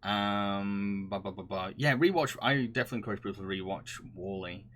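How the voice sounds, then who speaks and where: A man's voice: fairly low pitch, fairly quick, a bit bright. A man streaming live, chatting casually and reading viewer comments, often laughing and gushing with frequent restarts.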